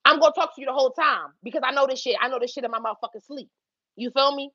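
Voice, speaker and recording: Animated high-voiced woman telling a story. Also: dry recording, lo-fi sound. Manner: animated, profane, laughs often, acts out quotes. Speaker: livestream host telling a story. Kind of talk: casual storytelling.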